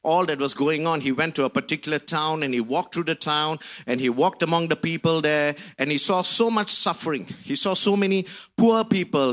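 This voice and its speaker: A man preaching a sermon with fervor, rising to shouts on key phrases and stretching out key words. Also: on the high side. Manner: drawn-out emphasis on key words.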